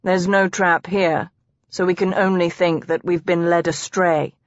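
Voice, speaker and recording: A woman's voice: fairly low pitch, fairly even intonation, measured pace, no echo, muffled recording, lightly acted. A woman voicing a young nobleman who speaks with urgent worry. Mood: uneasy. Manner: urgent, worried. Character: young nobleman, anxious and alert.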